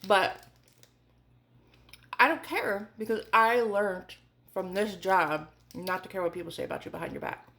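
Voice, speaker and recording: A woman's voice: medium pitch, big pitch swings, measured pace, long pauses, bright, forceful tone. A woman in her forties telling a candid storytime vlog in a chatty way, full of fillers. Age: 40s. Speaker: vlogger.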